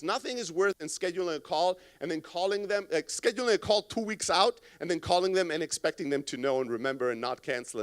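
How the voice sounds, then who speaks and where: Blunt, animated man giving a talk on stage. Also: high-pitched. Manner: blunt, profane, animated, acts out callers. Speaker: conference speaker. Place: conference stage. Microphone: stage microphone.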